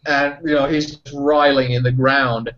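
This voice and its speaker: A man narrates as game master of a tabletop game and rambles with many fillers. His voice sits at a middle pitch. The audio is muffled and lo-fi. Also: flat delivery, measured pace, fairly bright tone.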